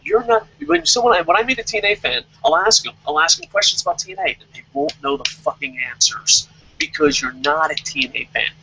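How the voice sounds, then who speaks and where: Profane ranting young man, lively pitch. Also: muffled recording, slight background noise. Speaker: wrestling show reviewer. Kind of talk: angry rant in casual chat.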